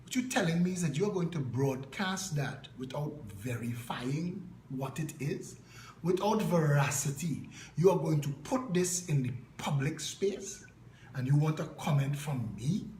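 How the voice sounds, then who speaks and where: A man's voice: a little high, expressive, measured pace, a little mellow, echoey room, slight background noise, rough recording. A Trinidadian man giving an impassioned political address, telling stories with punchy repetition. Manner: emphatic storytelling, punchy repetition. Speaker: political party leader.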